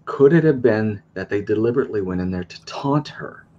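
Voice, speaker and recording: A man's voice: on the low side, expressive, a little fast, dark tone. A man in a casual discussion, speaking emphatically and asking long, winding questions. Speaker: guest discussing with a panel. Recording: dull lo-fi line with faint noise.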